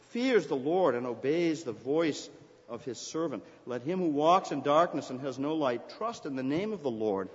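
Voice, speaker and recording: A man's voice: a little high, expressive, moderate pace. A man preaching a sermon, explaining scripture earnestly and lifting his voice when he reads the verses aloud. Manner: earnest, rising to emphatic scripture readings. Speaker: pastor. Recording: dull recording in a reverberant hall.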